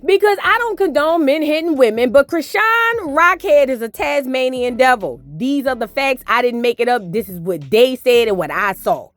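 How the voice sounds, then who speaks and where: A woman's voice: sits high, lively intonation, moderate pace, few pauses. A woman hosting a gossip reaction show, blunt and sassy with lots of slang. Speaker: reaction channel host. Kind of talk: gossip commentary.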